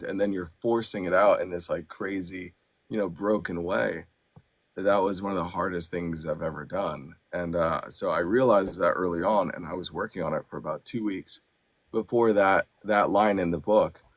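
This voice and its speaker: A man's voice: sits low, steady tone, moderate pace, no echo. A man who works as an audiobook narrator and actor, chatting casually in an interview and explaining at length with lots of fillers.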